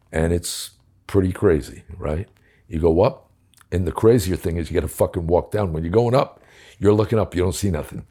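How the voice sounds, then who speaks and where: A man's voice: low voice, warm tone. An older man telling a war story from his police days, blunt and profane, acting out the dialogue. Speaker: former police commissioner. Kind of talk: casual storytelling.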